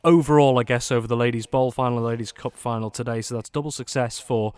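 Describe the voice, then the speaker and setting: A man with a Manx accent presenting a radio sports round-up, leading into each result in a steady scripted way. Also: medium pitch, fast talker, smooth, no echo. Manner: steady, scripted link delivery.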